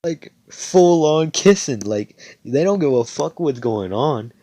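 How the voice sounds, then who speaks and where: A man casually telling a made-up fan story, rambling, swearing often, and getting excited, over a computer mic on voice chat. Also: fairly high pitch, slow pace.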